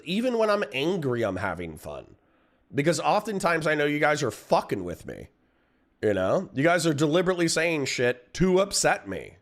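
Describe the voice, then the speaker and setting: A middle-aged man hosting a casual livestream, ranting about online drama with profanity and frequent laughter. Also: fairly high pitch. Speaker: livestream host.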